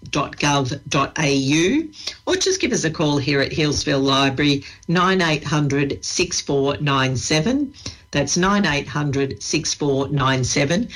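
A woman's voice: sits low, a bit bright. An Australian woman who works at a library, chatting with enthusiasm in a radio interview and laughing easily. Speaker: library staff guest.

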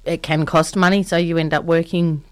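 Low-voiced woman explaining. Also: steady tone, normal speed, clear, resonant tone, dry recording. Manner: friendly, explains with many ums and so's. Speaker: training provider guest. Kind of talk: casual interview answers.

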